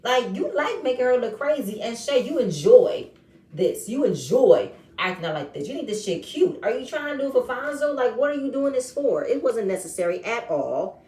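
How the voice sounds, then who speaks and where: A woman recapping a reality show episode in casual, animated commentary, acting out the quoted lines in changing voices. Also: a little high, moderate pace, distant mic. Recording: echoey room, voice set back from mic.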